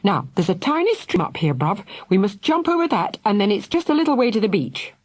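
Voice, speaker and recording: A woman's voice: mid-range voice, very animated, a little fast, pitched above the performer's own voice. A woman voicing a brave, bossy young girl who urges her little brother on, in an audiobook. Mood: urgent. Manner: urgent, breathless bossiness. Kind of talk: audiobook character voice.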